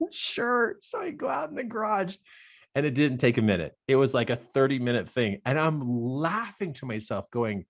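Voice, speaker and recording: A life coach with a medium-pitched voice tells a personal story at a normal speed. He's expressive, laughs often, and acts out the dialogue.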